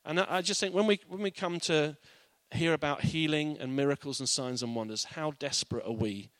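A man's voice: fairly high pitch, brisk, a bit bright, dry recording. A man giving an informal, earnest Bible teaching in a conversational way.

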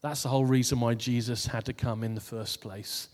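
Delivering a casual New Year sermon, a man preaches in a relaxed, chatty style, laughing at his own jokes before moving into a scripture reading. He talks fairly quickly at an ordinary middle pitch, and a long reverb tail trails each phrase.

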